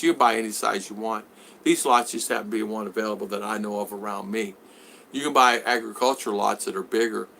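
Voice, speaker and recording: Bright-voiced man chatting on a livestream. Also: on the low side, gravelly, slight background noise. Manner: reads viewer comments aloud and answers them; rambling with many restarts and repeated words. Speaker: vlogger reading live chat. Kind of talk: casual livestream chat.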